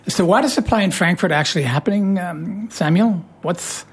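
A woman hosts a relaxed radio chat, her voice hoarse and husky and sitting a little low. She teases her co-host playfully and leans hard on the words she wants to stress, in a studio setting. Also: a little fast. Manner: playful, teasing, animated emphasis.

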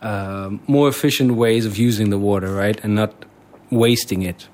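A man co-hosting a casual radio chat, talking in a hesitant, halting way. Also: lowish voice, fairly even intonation, a little mellow. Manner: hesitant, halting with fillers and restarts. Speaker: radio co-host.

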